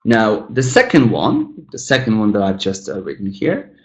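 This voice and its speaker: A man teaching an English pronunciation lesson, speaking deliberately with frequent fillers and calling his listeners guys. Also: on the low side, wildly swooping pitch. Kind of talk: classroom lesson on word stress.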